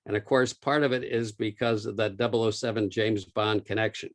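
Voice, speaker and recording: A man's voice: on the low side, steady tone, a little fast. Storytelling male lecturer. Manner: storytelling, frequent "uh" fillers. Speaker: lecturer and author. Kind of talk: illustrated museum talk. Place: lecture room.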